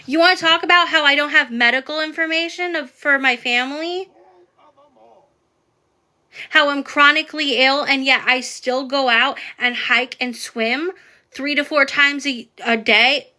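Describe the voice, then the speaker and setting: A woman on a live stream with a high, bright voice. She is furious at a commenter, swears freely and her voice rises into yelling. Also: steady tone, a little slow. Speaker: TikTok live host. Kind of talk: heated livestream chat.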